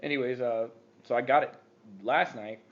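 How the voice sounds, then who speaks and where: A man co-hosting a casual podcast, telling a rambling story with lots of laughs and animated retelling. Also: medium pitch, normal speed, muffled recording. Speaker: podcast co-host.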